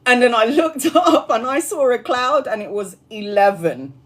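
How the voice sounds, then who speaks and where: A woman chatting casually on a phone live stream as a tarot reader, animated and laughing often, swearing freely and sounding tired after hours live. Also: a little high, normal speed.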